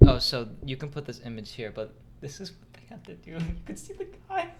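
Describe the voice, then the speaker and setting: A man's voice: medium pitch, wildly swooping pitch, a little fast, gravelly, darkish tone. A young man co-hosting a casual podcast chat, eagerly jumping in with film trivia and laughing easily. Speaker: podcast co-host.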